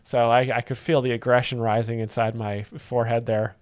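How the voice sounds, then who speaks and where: A man giving mock-earnest comedic commentary as a livestream host, deadpan and rambling, halting with many fillers. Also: medium pitch, dry recording, studio quality. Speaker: joke explainer host of a livestream.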